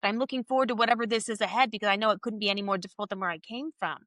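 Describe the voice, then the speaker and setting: A woman guest on a podcast, candidly telling a personal story in a casual, animated way and reenacting conversations as she goes. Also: medium pitch, rapid-fire, dry recording.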